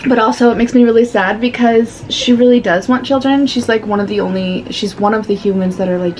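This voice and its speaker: A woman chatting casually in a reading vlog, giving animated, sassy commentary on a book and laughing often. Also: fairly high pitch, a little fast, few pauses, slight background noise. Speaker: book vlogger.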